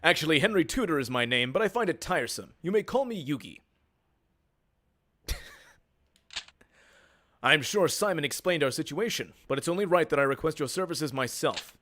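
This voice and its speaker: A man with an Australian accent voicing a young prince in a deep, formal, commanding tone. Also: lively intonation, moderate pace, pauses often, fairly bright tone.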